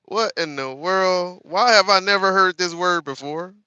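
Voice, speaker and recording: A man in his thirties hosting a casual live-stream commentary, animated and laughing as he talks to his chat. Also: sits high, a little slow, clean tone, no room sound, highs cut off. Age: 30s. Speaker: host.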